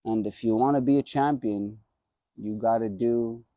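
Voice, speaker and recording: A man's voice: medium pitch, moderate pace, mellow, no echo, lo-fi sound. A former boxer talking casually on a live stream, rambling and repeating his phrases as he reminisces.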